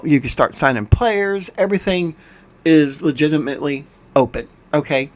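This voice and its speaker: An older man hosting a gaming channel, commenting on a game while playing, frustrated and ranting, often stumbling and restarting his words. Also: a little high. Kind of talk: game commentary over screen capture.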